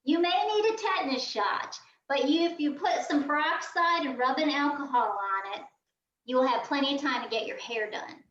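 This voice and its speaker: Woman, high voice, lively storyteller, roomy distant sound, dull video call audio. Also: moderate pace, slight background noise. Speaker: guest quilter. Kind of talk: animated storytelling.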